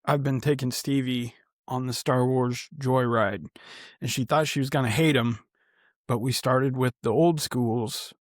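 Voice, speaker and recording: A man's voice: medium pitch, steady tone, a little slow, no room sound, studio quality. A man co-hosting a podcast in casual chat, laid-back and enthusiastic. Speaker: podcast co-host.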